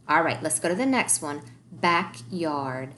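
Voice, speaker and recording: A woman's voice: low-pitched, lively intonation, fast, a bit bright, a little hiss or hum. A woman teaching a recorded early-grade reading lesson, encouraging the children and sounding out words letter by letter.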